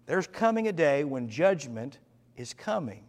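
A man leading an evening Bible study as pastor, earnest, slowing and dropping his voice for emphasis and asking the group questions. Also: fairly high pitch, sing-song, a little mellow.

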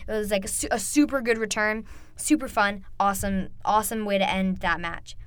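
A young woman hosting a casual podcast, gushing excitedly with frequent ums and restarts. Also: mid-range voice, fairly quick, clean tone, dry recording. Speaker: podcast host. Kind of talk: casual wrestling recap podcast.

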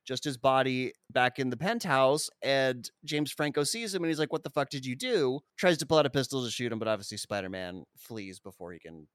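A man's voice: medium pitch, expressive, a little fast, few pauses, a bit bright, clean tone, no room sound, clean studio sound. A man recapping a movie scene by scene in a casual, rambling way, swearing freely. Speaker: podcast co-host recapping a film. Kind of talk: casual profane film recap.

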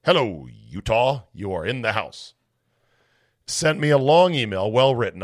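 A man hosting a podcast, reading listener mail in a wry, sarcastic, rambling way, his voice slightly hoarse. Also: medium pitch, sing-song, a little slow, no room sound, studio quality. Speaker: podcast host.

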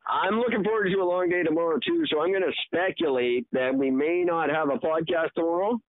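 A man's voice: fairly high pitch, a little fast, a loud crowd. A man co-hosting a podcast in loose, rambling casual chat, laughing often. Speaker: podcast co-host. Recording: tinny phone-like sound.

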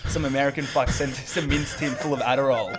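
A man's voice: medium pitch, fairly even intonation, fast talker. A young Australian man, a comedian guest, telling crude party stories in a casual podcast chat, swearing and laughing, scattered after a big weekend. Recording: noisy podcast recording.

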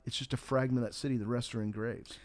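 A man's voice: medium pitch, fairly even intonation, fast talker, no room sound. A man on a talk show, telling a joke and talking politics in a folksy, emphatic way. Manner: folksy storyteller, emphatic, forceful when riled.

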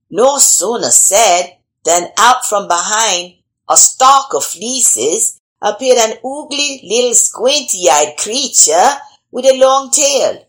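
A woman reading a picture book aloud, slow and unhurried, with a lively voice that rises and falls through every sentence. Her tone sits a little high and stays animated and expressive throughout. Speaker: storyteller. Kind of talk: storybook read-aloud.

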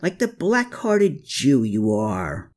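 Bitter cruel man voiced by a male reader, snarling, raised voice, swinging pitch. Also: huge pitch swings, slow pace, a little mellow. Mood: furious.

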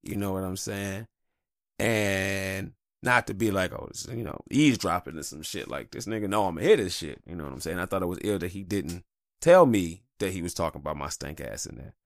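A man's voice: low-pitched, expressive, normal speed, creaky, dry recording, clean studio sound. A man hosting a podcast, talking in a candid, rambling, profane monologue. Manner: candid, rambling, heavy swearing. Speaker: podcast host.

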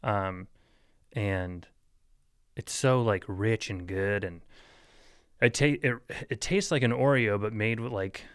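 Laid-back rambling man with a smooth, low voice. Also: slow pace, long pauses, fairly bright tone, no room sound, studio quality. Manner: rambling, filler-heavy, laughs at his own jokes; joking, mock-serious asides. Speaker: podcast host. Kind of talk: solo casual podcast rambling.

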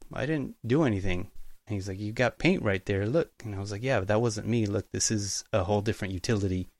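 Man, lowish voice, relaxed storyteller, dry close sound, casual interview guest. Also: no echo. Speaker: guest, utility locator.

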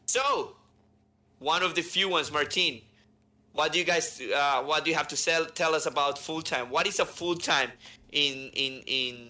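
A man hosting a podcast, telling stories in an animated, chatty way and often checking in with "right?". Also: a little high, normal speed. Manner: animated, keeps asking "right?". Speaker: podcast host. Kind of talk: casual storytelling chat.

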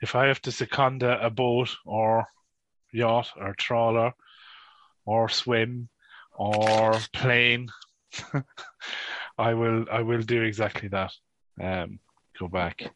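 A man's voice: medium pitch, fairly even intonation, slow pace, pauses often, fairly bright tone, no room sound. A man with an Irish accent, a podcast guest chatting casually and telling rambling stories with frequent laughter. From northwest Ireland. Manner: rambling storyteller, laughs often. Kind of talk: casual chat. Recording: dull, dry lo-fi sound.

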